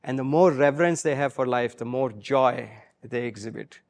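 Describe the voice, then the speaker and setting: A man's voice: medium pitch, normal speed, vocal fry, a little mellow. A man telling stories to a live audience, acting out the quotes he retells, with frequent fillers. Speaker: guest speaker. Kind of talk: storytelling talk to a live audience.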